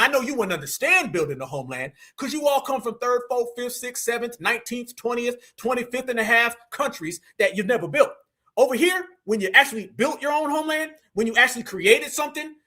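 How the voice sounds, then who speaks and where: A man's voice: very high voice, sharp tone. A man hosting a live stream, giving heated, emphatic commentary and repeating phrases for effect. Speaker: livestream commentator.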